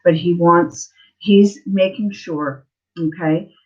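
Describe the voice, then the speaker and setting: A woman hosting a live-stream spiritual reading as a psychic, speaking tenderly and emotionally, halting and repeating herself with many fillers. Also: on the low side, fairly even intonation. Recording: slightly muffled lo-fi stream audio.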